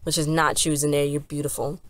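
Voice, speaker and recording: This is a woman reviewing a TV episode for her channel in a loose, conversational way. Her voice sits slightly on the low side, and she meanders through the story with plenty of fillers and "she was like" asides. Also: little pitch movement, a little fast, no echo. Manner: rambling and chatty, with many fillers and "she was like" retellings. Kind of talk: casual episode recap to camera.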